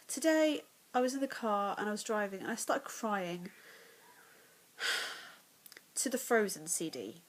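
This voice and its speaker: A woman's voice: medium pitch, sing-song, slow, pauses often, low-quality recording. Woman in her 30s, home vlogger, chatty, rambling, recorded on a phone indoors. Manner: rambling and chatty, with many fillers and restarts. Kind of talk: casual chat to camera. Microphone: phone or tablet camera.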